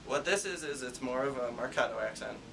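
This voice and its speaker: A young male teacher runs a school band rehearsal, walking students through musical terms in an encouraging way. His voice has a gravelly edge. It is picked up from a distance, with clear room noise behind him. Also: mid-range voice, lively intonation, brisk. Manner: encouraging, explains step by step. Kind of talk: classroom instruction.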